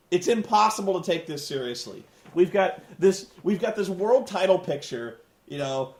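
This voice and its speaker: A man giving a sarcastic, animated comedic recap of a wrestling show, swearing freely as he rants. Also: high voice, reverberant.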